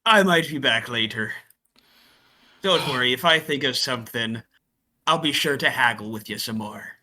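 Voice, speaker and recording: Very bright-voiced man playing a tabletop game. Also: medium pitch, moderate pace. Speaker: player.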